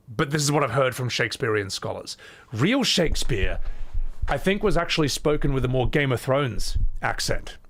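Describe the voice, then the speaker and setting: A man's voice: medium pitch, a bit bright. A man chatting casually on a live stream, opinionated and sweary, with frequent asides.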